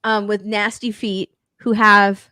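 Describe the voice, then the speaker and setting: A woman co-hosting a casual pop culture podcast, ranting about TV shows in an animated way, swearing freely and laughing as she talks. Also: mid-range voice, takes it slowly, clean tone, no room sound, clean studio sound. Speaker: podcast co-host.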